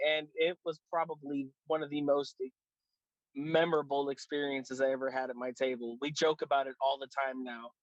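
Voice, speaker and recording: A man's voice: medium pitch, moderate pace, no room sound, highs cut off. A man, a dungeon master, telling a funny table story in casual chat. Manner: animated, laughing, with restarts.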